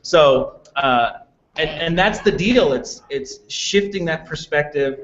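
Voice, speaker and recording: A man's voice: a little high, slow pace, a bit bright, slight background noise. A man speaking as a guest at a conference, reflective and a little hesitant. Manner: reflective, hesitant with fillers and restarts. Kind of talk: conference interview. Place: theater stage at a conference. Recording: dull lo-fi sound.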